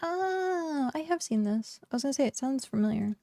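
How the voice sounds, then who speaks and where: A woman's voice: sits high, expressive, moderate pace, gravelly, mellow, no echo. A woman streaming a game and chatting casually, filling her talk with "like" and laughing often. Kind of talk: casual livestream chat.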